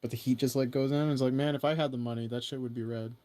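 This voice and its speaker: A man's voice: medium pitch, fairly even intonation, quick pace, warm tone. A young man co-hosting a casual podcast from home, chatting in a laid-back, teasing way. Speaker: podcast co-host. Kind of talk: casual chat.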